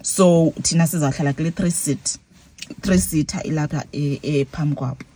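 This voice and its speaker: A woman's voice: deep voice, moderate pace, dark tone, breathy edge. A young South African woman with a Xhosa accent tells a story to her vlog, mixing English and Xhosa and acting out her own reactions. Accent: South African, Xhosa-speaking. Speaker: vlogger. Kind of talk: casual storytelling.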